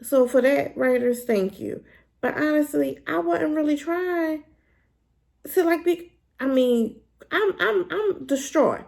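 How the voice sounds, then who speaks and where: A woman giving a casual, animated spoken review of a drama, talking in a colloquial, emphatic way. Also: slow pace, creaky. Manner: animated, emphatic, colloquial with pitch jumps when worked up.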